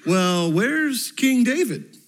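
A man voicing his curious little four-year-old daughter, high and wondering. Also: very animated, slow, exaggerated voice.

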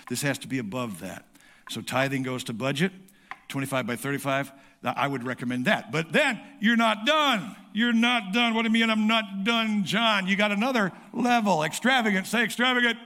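A middle-aged male pastor preaching a lively sermon, calling out to the congregation and acting out quick asides. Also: on the high side. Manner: lively preaching with audience call-outs and playful asides.

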